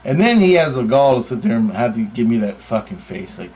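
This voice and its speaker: A man rants in a heated, sarcastic way and swears constantly. His voice sits at an ordinary middle pitch. A faint noise runs in the background. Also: expressive, brisk, darkish tone, poor audio. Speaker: bird photographer. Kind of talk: angry ranting anecdote.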